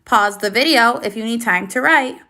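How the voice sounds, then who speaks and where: A woman teacher giving a recorded reading lesson for young children, slow, clear and encouraging, with lively praise. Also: fairly high pitch.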